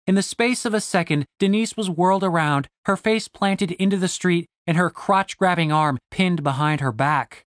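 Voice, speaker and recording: A man narrating an audiobook in a wry, expressive way. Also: high voice, moderate pace, few pauses, dry recording, studio quality.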